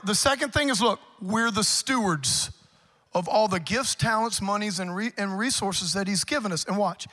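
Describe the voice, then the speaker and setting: Pastor guy preaching, high bright voice, big echoey church hall. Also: moderate pace. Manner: emphatic preaching, rising loud on key points. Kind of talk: sermon.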